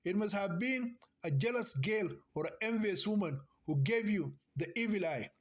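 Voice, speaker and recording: A man reading the lines of an older aunt in a novel, superstitious, bossy and caring, in a slow and earnest delivery. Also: high-pitched, expressive. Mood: insistent.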